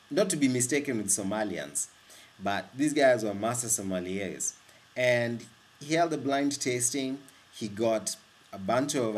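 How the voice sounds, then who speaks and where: A man from Kenya talking about wine in a casual monologue, rambling and animated, often restarting his sentences. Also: mid-range voice. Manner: rambling, with frequent restarts and self-corrections; animated and excitable. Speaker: wine vlogger.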